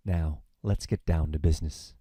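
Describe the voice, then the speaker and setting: Man reading menacing devil, polite, measured, low, mellow, dry sound. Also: fairly even intonation, dry recording. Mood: cool. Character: smooth menacing male devil, courteous and cold. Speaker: actor in a screenplay reading. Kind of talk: table read of a screenplay.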